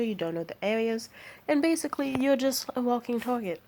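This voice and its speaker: A woman's voice: medium pitch, a little mellow. Tired bay area woman ranting late at night, swears a lot, rambles. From San Francisco Bay Area. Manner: heated, profane, rambling. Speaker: vlogger.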